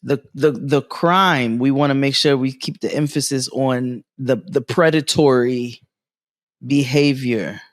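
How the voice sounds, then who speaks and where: A man's voice: medium pitch, unhurried, no room sound, clean studio sound. A man co-hosting a podcast, telling a story in casual chat and acting out the people in it, laughing often. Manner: animated storyteller, jumps into quoted voices, laughs often. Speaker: podcast co-host.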